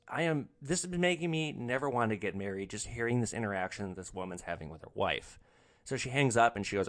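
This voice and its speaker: Male podcast host, casual storytelling, sarcastic, lively pitch. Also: fairly quick. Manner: animated, sarcastic, blunt. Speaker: podcast host telling rideshare stories.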